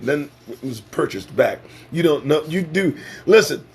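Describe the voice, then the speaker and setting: Husky, lively-voiced man hosting a stream. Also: a little high. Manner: profane, sarcastic, preachy. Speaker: livestream show host. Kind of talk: casual live-stream monologue.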